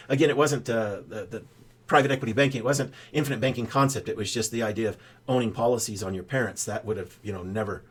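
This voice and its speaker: An older man, a financial advisor, telling a rambling story in a casual straight-to-camera explainer, with a lot of "uh" fillers. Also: mid-range voice. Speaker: financial advisor pitching whole-life insurance banking.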